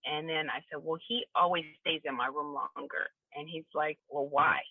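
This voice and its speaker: Over a tinny phone line, a woman with a low, fairly even voice speaks at normal speed with a breathy edge, and the recording is dry. She's a podcast guest earnestly telling a personal story, acting out the remembered dialogue in the voices of the people she quotes.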